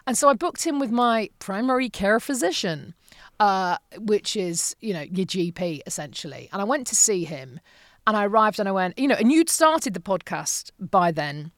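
Expressive woman in her late forties, podcast guest, dry studio sound. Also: mid-range voice, moderate pace, no room sound. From from abroad, living in the USA. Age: late 40s. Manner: animated storyteller, acts out quotes, swears freely. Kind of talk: casual conversation.

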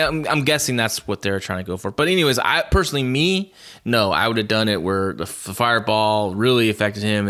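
A man co-hosting a podcast in casual chat, halting, with many restarts and fillers. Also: fairly low pitch, pushed and bright. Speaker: podcast co-host.

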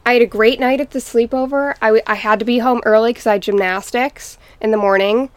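A young woman guest telling a painful personal story in a podcast interview, halting and restarting as she recalls what happened. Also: on the high side, fairly even intonation, smooth, no room sound. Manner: halting, restarts, quotes family members.

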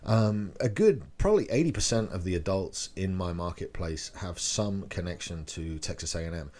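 Low voiced guy explaining sales calls, chill and chatty, acts out little phone bits. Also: expressive, normal speed, darkish tone. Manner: conversational, loose, role-plays phone lines. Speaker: real estate agent teaching sales calls. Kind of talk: casual instructional talk.

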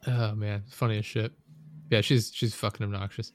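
A man's voice: on the low side, little pitch movement, normal speed. A man in casual chat, rambling and swearing as he vents about a coworker. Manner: profane, venting, rambling storyteller.

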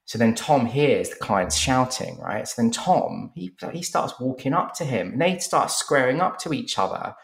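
A man's voice: mid-range voice, expressive, moderate pace, creaky, hardly any pauses, roomy sound. A man who works in advertising tells a work story in a casual podcast chat, acting out what other people said.

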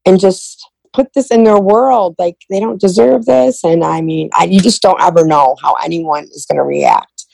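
A woman's voice: lowish voice, moderate pace, gravelly, hardly any pauses, darkish tone, no room sound, rough recording. A middle-aged woman telling her family story in an interview, retelling conversations in quoted dialogue. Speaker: guest.

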